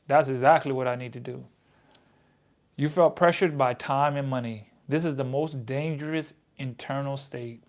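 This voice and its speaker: A man's voice: mid-range voice, gravelly, a little mellow. A man casually reading trading advice aloud and reacting to it in his own words, repeating lines for emphasis. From United States. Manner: reads text aloud then comments, emphatic repetition. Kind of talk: casual reflective self-talk.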